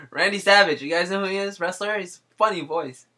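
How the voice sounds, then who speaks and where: With a high, husky voice that sounds pushed and bright, a man chats at normal speed while drawing on a livestream. He rambles, jokes with his audience and talks to himself about the work.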